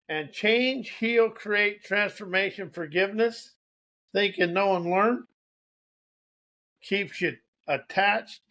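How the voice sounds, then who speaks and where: High-voiced guy preaching slow about spiritual stuff, keeps repeating himself and restarting lines. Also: fairly bright tone. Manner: preachy, repeats key phrases, trails off and restarts. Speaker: motivational speaker. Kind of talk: rambling spiritual monologue.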